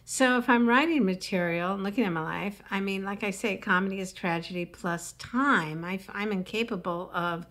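A woman who is a comedian and public speaking coach, talking in a podcast interview and acting out punchlines with high whoops. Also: normal speed, hardly any pauses. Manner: animated storyteller acting out quips with high whoops.

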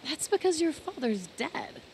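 A dry teasing young scientist in a game, higher voice, bouncy delivery. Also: female voice, sing-song, moderate pace, slight background noise. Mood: playful. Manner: dry, teasing, easily amused. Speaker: game character. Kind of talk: video game dialogue acting.

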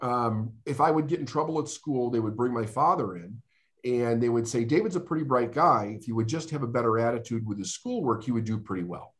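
A middle-aged man from the United States speaks as a podcast guest. His voice sits at an ordinary male pitch, and he tells his story in an earnest, heartfelt way, slowing down and pausing for weight. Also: lively intonation. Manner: earnest, emotional storytelling with dramatic pauses. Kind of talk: storytelling interview.

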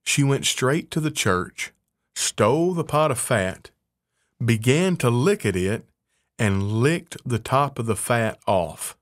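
A man reading a fairy tale aloud in a measured, unhurried way. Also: medium pitch, sing-song, dry recording, clean studio sound. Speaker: narrator.

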